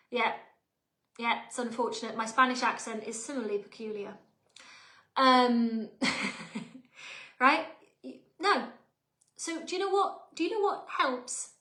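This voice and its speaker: A woman's voice: a little high, a bit bright. A woman in her thirties with an English accent, giving a chatty, emphatic live workshop talk as a mindset coach and often checking in with her viewers. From England. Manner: chatty and emphatic, often asking the audience "right?". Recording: roomy echo.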